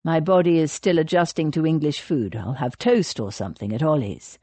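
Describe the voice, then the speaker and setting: A woman's voice: moderate pace, mellow, slightly rough, no echo. A woman reading an audiobook voices a guarded young naval officer who answers in short, clipped lines. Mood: curt. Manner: curt, clipped, low.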